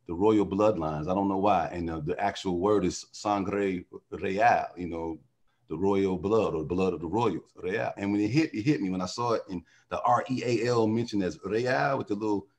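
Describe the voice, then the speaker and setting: A man's voice: low voice, moderate pace, darkish tone. A man talking as a podcast guest in casual conversation, riffing animatedly and philosophically on word origins.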